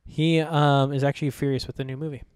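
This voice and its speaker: A man's voice: medium pitch, little pitch movement, fast, a little mellow, clean tone, no room sound. A man co-hosting a movie review podcast, talking casually and a bit hesitantly. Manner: hesitant, lots of fillers and restarts. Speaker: podcast co-host.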